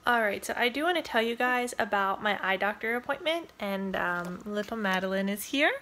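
A woman's voice: medium pitch, lively intonation, moderate pace, few pauses, sharp tone. A young woman chatting casually in a family vlog, rambling with many fillers. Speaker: vlogger, new mother.

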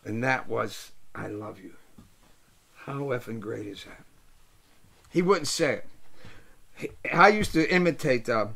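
An older man, host of a show, telling rambling, comic stories in casual chat, swearing freely and swinging from loud to soft. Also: medium pitch, lively intonation, measured pace, creaky, long pauses. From Pittsburgh area, USA. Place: small indoor room.

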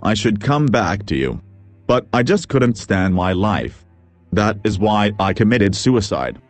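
A man's voice: lowish voice, very animated, measured pace, no room sound, soft background music. A man voicing an anguished damned soul who pleads and confesses to God from hell. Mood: pleading.

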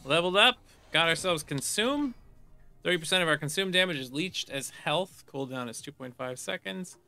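Bright, playful young-sounding man gaming. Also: on the high side, lively intonation, moderate pace, faint music behind. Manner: playful, reads on-screen text aloud, hums and makes silly sound effects. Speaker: gamer playing through a game. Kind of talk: casual let's play commentary.

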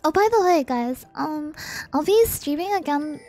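Young female streamer, high-pitched, chatty and excitable live commentary, faint music behind. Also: normal speed. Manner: excitable, chatty, pleading under pressure.

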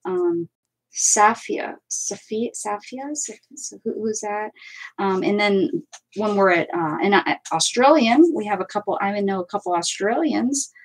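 A woman's voice: medium pitch, breathy edge, low-quality recording. A woman hosting a crafting livestream from home, chatting casually and rambling as she works and answers viewer comments. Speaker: crafting channel host. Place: at home with her cats.

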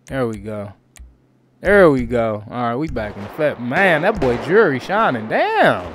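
A man's voice: big pitch swings, unhurried, slight background noise. Slangy, cursing man streaming a roleplay. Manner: slangy, swears a lot, keeps calling out to viewers; swings from low grumbling to loud outbursts. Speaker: streamer playing a roleplay character. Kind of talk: in-character roleplay commentary to viewers.

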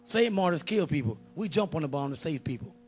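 High-voiced joking preacher. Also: male voice, fast, soft background music. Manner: animated, joking, conversational street-style preaching. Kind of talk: lively sermon.

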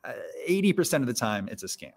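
A man's voice: mid-range voice, sing-song, quick pace. A man co-hosting a casual podcast chat, giving emphatic advice and repeating his warnings. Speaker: podcast co-host.

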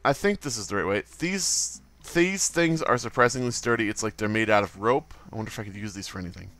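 A man's voice: on the low side, fast, fairly bright tone. Goofy man narrating his gameplay. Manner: goofy, muttering, swears, silly sound effects. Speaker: let's play host. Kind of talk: casual game commentary.

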